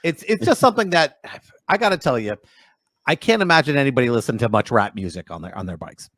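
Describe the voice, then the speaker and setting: Man, radio co-host, wry, mid pitch, lively swings, dry sound. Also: quick pace, no echo. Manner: wry, dramatic, swings voice for quotes. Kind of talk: casual comedic radio chat. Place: radio studio.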